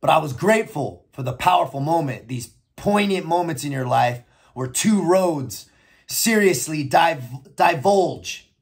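A man's voice: on the high side, expressive, measured pace, gravelly, slightly rough. An American man telling his own story in a blunt, profane and reflective way. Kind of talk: personal storytelling monologue.

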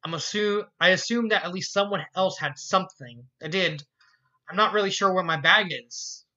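A reader voicing a bookish, anxious young mare who talks haltingly and trails off. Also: medium pitch, sharp tone, muffled recording, lightly acted. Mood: hesitant, worried.

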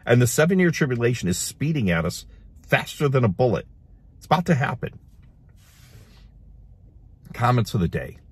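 A middle-aged man hosting a casual commentary show, reading headlines aloud and adding animated, laughing remarks. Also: medium pitch, moderate pace, long pauses, husky, no room sound. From United States. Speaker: host.

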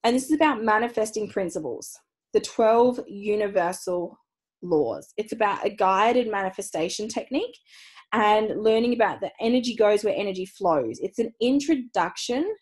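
A bubbly woman hosts a live online call, pitching her coaching program in a loose, chatty way. She swears freely and laughs easily. Her pitch is mid-range for a woman. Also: expressive, normal speed, a little mellow, husky, low-quality recording. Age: young adult. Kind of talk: live webinar sales pitch.

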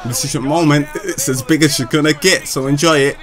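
A man's voice: on the high side, steady tone, a little fast, music in the background. A man giving hyped, trash-talking gameplay commentary, laughing often. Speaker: gaming channel host.

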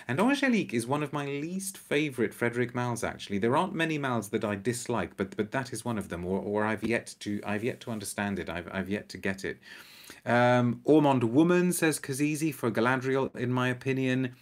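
A man's voice: medium pitch, animated, fairly quick. A man hosting an unscripted live stream, chatting about perfumes and reading out viewer comments, enthusiastic and often repeating words as he thinks aloud.

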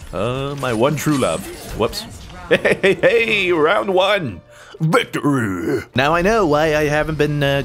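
A young man giving playful, jokey commentary over his own gameplay, swinging between excited yelps and mock-serious asides. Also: on the high side. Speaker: gaming YouTuber.

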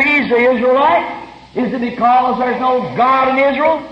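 A man preaching a fervent sermon, telling stories earnestly and breaking into shouts now and then. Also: extremely high pitch, measured pace. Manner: earnest storytelling, bursts of shouting. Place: church meeting hall. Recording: roomy lo-fi 1961 sermon tape.

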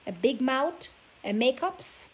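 A woman's voice: sits high, animated, slow pace, husky. A woman vlogger giving relationship advice, scolding her listeners with sassy rhetorical questions. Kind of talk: preachy talk to camera.

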